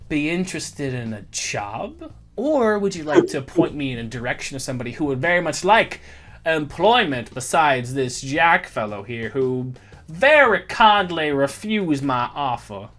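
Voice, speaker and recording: A game master voicing a pompous, mock-polite Southern gentleman crime boss with a put-on drawl in a tabletop game. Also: medium pitch, big pitch swings, a little slow. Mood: courteous. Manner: florid, genteel, mock-polite. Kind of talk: tabletop game role-play.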